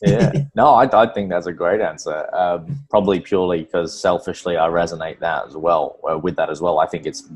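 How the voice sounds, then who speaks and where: A man's voice: low voice, brisk, hardly any pauses, breathy edge. A man with an English accent hosting a podcast interview in an enthusiastic, rambling way with lots of fillers. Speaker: podcast host. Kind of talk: casual interview chat.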